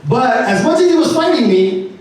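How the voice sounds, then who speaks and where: A man speaking at an entrepreneur meet-up, telling a lively story and acting out what people said. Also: extremely high pitch, brisk. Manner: animated storyteller acting out dialogue. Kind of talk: animated storytelling talk. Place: event venue. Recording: echoey room from far off with faint ambience.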